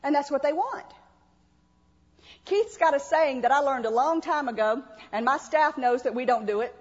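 A woman's voice: sits high, lively intonation, normal speed, long reverb tail, muffled recording. A woman pastor, preaching a sermon in a folksy, repetitive way with acted-out asides.

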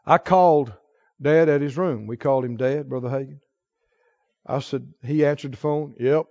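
A middle-aged male pastor preaching a sermon, moving between quiet emotional storytelling and forceful exhortation. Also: mid-range voice, moderate pace, dry recording, highs cut off.

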